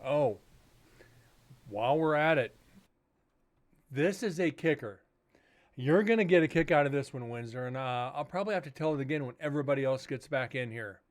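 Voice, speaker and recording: A man's voice: mid-range voice, expressive, normal speed, pauses often. A man hosting a livestream as a paranormal investigator, chatting casually and telling rambling, profane stories.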